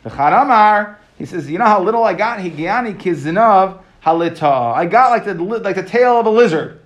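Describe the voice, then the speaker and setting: A man teaching a Talmud class, reading each line and explaining it in casual, lively talk with modern asides. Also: high voice, normal speed, muffled recording. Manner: reads each phrase, then explains it casually.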